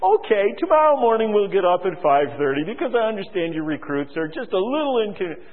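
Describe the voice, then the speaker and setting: A man's voice: high-pitched, very animated, quick pace, long reverb tail, phone-quality sound. A man voicing a drill instructor who sarcastically pretends to give in to recruits. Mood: sarcastic. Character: drill instructor mockingly offering to sleep in.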